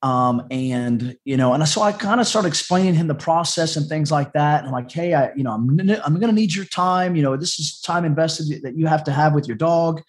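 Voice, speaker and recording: A man's voice: a little high, fairly quick, few pauses. A man, a dog trainer telling his story as a podcast guest, rambling and chatty with many restarts. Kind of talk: casual storytelling interview.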